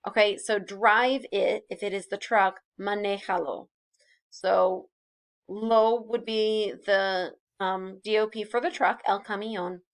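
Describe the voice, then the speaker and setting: A woman teacher talks through a grammar lesson in a relaxed, explanatory way. Her pitch sits in a middling range, and she often pauses with fillers and restarts as she explains. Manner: casual, explanatory, with many fillers. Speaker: Spanish teacher. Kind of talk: recorded classroom lesson.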